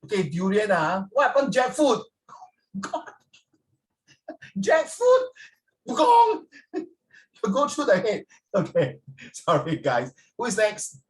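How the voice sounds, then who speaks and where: A man teaching a class with lively, teasing coaching. He keeps switching into Mandarin phrases. He sounds somewhat distant from the microphone. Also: high voice, measured pace.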